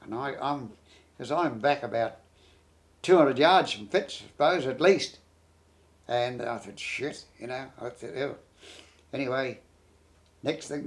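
Older New Zealand man, raised-pitch voice, blunt rambling recollection for an oral history. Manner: blunt, rambling, peppered with "bloody". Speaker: war veteran.

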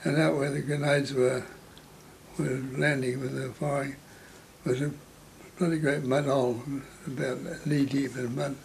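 Gravelly older New man. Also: mid-range voice, little pitch movement, a little slow, slight background noise, poor audio. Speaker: veteran interviewee. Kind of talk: oral history storytelling.

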